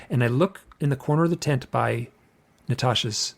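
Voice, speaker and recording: A man's voice: mid-range voice, normal speed, vocal fry. A middle-aged man telling a strange personal story in a rambling, casual way, repeating phrases and acting out what people said. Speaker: podcast guest recounting an experience.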